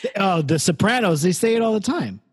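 A man co-hosting a casual podcast chat over a video call, joking and reading out listener comments in an animated way. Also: high-pitched, a little fast, husky. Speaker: podcast co-host.

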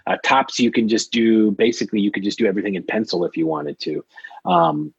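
A man's voice: lowish voice, very animated, brisk, gravelly, breathy edge, no echo, lo-fi sound. A man talking as a guest on a casual podcast, explaining his freelance work with many fillers and restarts. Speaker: guest, trading card artist.

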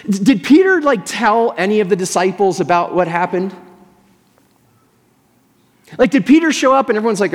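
A man's voice: sits high, lively intonation, moderate pace, pauses often. A man preaching a sermon as pastor, telling a story earnestly and imagining what people thought and said. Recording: long reverb of a large hall.

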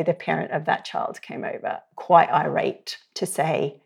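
A middle-aged woman speaking as a parenting educator in a podcast interview, telling stories in a lively way and acting out the voices she quotes. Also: low-pitched, a little slow, vocal fry, few pauses. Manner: lively storyteller who acts out quoted voices.

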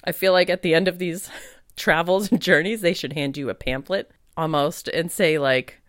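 Her voice is on the low side and moves at a moderate pace, captured with clean studio sound and no echo. The spiritual medium hosts her own casual podcast, chatting candidly with plenty of fillers like "like," laughing and swearing freely.

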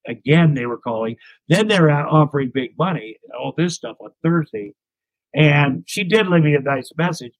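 A man's voice: on the high side, normal speed, no room sound, poor audio. Rambling middle-aged man, dry close sound. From United States. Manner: rambling, self-deprecating, frequent restarts. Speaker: interview guest, comedian. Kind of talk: candid anecdotal storytelling.

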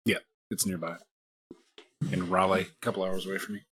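A man's voice: sits low, level tone, fairly quick, a bit bright. A man from the United States hosting a podcast, telling a long, self-mocking story in a casual way with many restarts. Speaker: podcast host.

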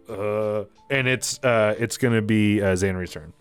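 A man's voice: on the low side, steady tone, measured pace, clear, resonant tone, soft background music. A man narrating a tabletop game as game master, rambling with many fillers and laughing asides.

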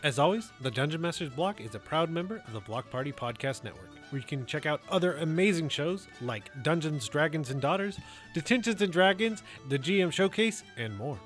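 A man's voice: a little high, animated, a little fast, hardly any pauses, a bit bright, soft background music. Earnest man giving podcast advice. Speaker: podcast co-host. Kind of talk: casual podcast chat.

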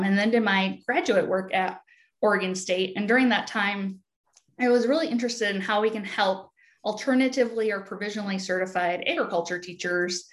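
A woman with a Midwestern accent talks as a podcast guest, easygoing and unhurried. Her talk is full of ums and little restarts as she explains her work. Her voice sits at an ordinary middle pitch for a woman. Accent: Midwestern American. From Wisconsin. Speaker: podcast guest, education researcher. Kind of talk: casual interview talk.

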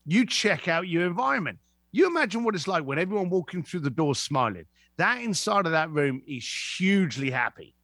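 A man's voice: high-pitched, a little fast, no echo, clean studio sound. A man telling anecdotes as a podcast guest, acting out the voices of the people in them. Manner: lively, acts out voices in anecdotes. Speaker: guest, author. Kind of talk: animated storytelling.

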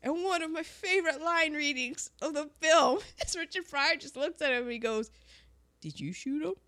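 High-pitched woman chatting about a movie, bright voice, laughs a lot. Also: moderate pace. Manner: animated, laughs often, acts out characters. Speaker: podcast co-host. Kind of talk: casual movie chat.

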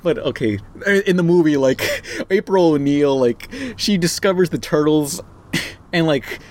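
Young male co-host, chatty and crude, rambles through a movie review, voice a touch high. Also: measured pace, a little mellow. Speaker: podcast co-host. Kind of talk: casual movie review chat.

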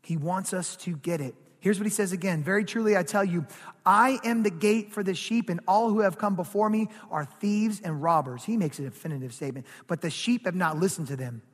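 Animated high-voiced pastor preaching. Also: male voice, a little fast, in a large hall. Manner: animated preaching with call-and-response asides. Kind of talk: sermon.

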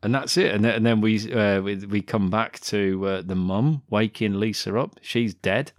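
A man co-hosting a podcast, retelling a film with sarcasm and plenty of swearing. His voice sits on the low side. The sound is dry and close. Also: normal speed, no echo. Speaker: podcast co-host. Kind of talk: casual film-recap chat.

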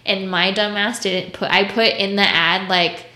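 A woman's voice: mid-range voice, steady tone, unhurried, pushed and bright. A woman who works as a mobile dog groomer, telling stories in a blunt, profane, casual way and acting out other people's voices. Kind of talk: casual storytelling chat. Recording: roomy echo.

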